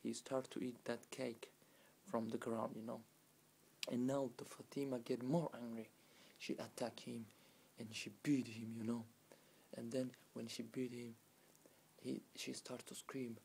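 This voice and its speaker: A man casually retelling a folk tale in broken, non-native English, halting with restarts and filler phrases. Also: medium pitch, level tone, vocal fry, darkish tone, breathy edge. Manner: halting, with many restarts and "you know" fillers. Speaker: storyteller.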